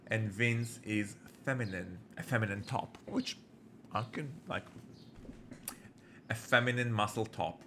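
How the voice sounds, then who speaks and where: A man giving joking, rambling let's-play commentary with halting restarts. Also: on the low side, fairly bright tone, a little hiss or hum. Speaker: game streamer.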